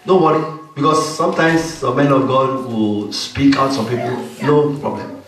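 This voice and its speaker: A man's voice: mid-range voice, steady tone, normal speed, heavy reverb, distant mic, poor audio. A man preaching a sermon as pastor, emphatic and punctuating his points with frequent "Amen".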